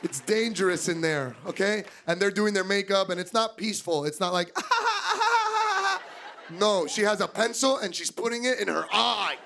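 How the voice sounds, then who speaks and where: A young man from doing stand-up comedy, animated and acting out voices. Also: sits high, a little fast, gravelly, few pauses, a little hiss or hum. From Miami, USA.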